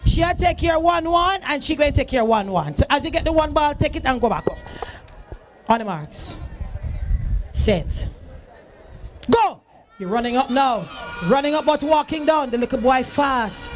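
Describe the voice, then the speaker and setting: Brief: Jamaican man emcee, very high voice, loud sing-song hype at an outdoor school sports field, faint music behind. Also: lively intonation, unhurried. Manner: shouting, sing-song, teasing the crowd. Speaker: event emcee.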